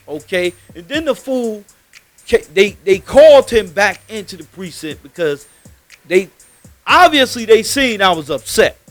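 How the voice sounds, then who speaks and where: A high-pitched man, speaking casually but emphatically and swearing freely. He tells a personal story on a live podcast in a studio. Faint music plays in the background. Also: a bit bright. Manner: emphatic, heated, swears often.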